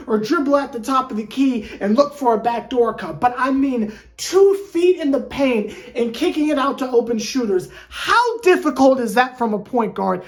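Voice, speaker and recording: Exasperated woman ranting in an echoey room. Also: sits high. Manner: exasperated, animated, theatrical rhetorical questions. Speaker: sports fan vlogger. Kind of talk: fan reaction rant.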